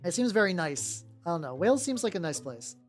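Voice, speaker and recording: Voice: medium pitch, sing-song, fairly quick. A streamer chatting casually while painting miniatures, rambling with lots of fillers and casual swearing, with no notable accent. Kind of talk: casual live-stream chat. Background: faint background music.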